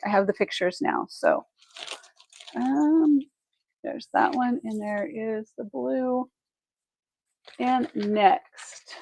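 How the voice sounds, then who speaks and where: Over a low-quality recording, a woman with a medium-pitched, slightly mellow voice and some vocal fry runs a live online jewelry sale. Chatty and gushing, she thinks out loud while measuring pieces and thanking buyers as part of her shopping-stream chat.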